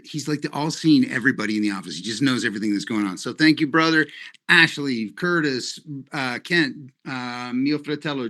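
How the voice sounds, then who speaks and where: A man from Canada leading his company's webinar, talking in a rambling, animated, joking way. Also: mid-range voice. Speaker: company leader. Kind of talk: live webinar presentation.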